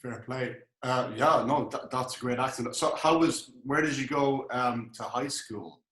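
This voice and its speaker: A man's voice: mid-range voice, measured pace, a bit bright. A man hosting a podcast interview, mostly giving short affirmations and stumbling over restarts when he asks questions. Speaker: podcast host. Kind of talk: casual interview chat. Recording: roomy echo.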